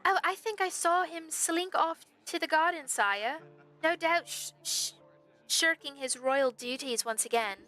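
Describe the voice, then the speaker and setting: A woman plays a sly courtier who simpers and flatters his ruler. The voice is pitched high and sounds bright and tense. Faint game music plays underneath. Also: a little slow, full character voice.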